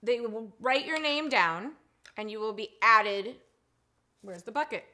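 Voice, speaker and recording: A middle-aged woman hosting a live-stream show. She greets viewers in the chat warmly and effusively, chatting with lots of "um" and "you guys". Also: fairly high pitch, lively intonation, measured pace. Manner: effusive and gushing, chatty with frequent 'um' and 'you guys'.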